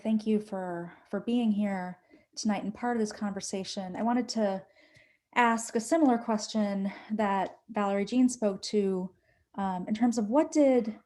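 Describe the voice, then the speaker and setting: A woman moderating a panel discussion, speaking in a measured, thoughtful way. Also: medium pitch, dark tone.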